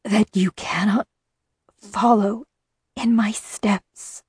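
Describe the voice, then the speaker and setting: A woman voicing a frail, dying female oracle in a soft, strained, airy whisper, slow and solemn. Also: medium pitch, fairly even intonation, breathy edge, no echo, heavily acted. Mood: weak solemn. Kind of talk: audiobook narration.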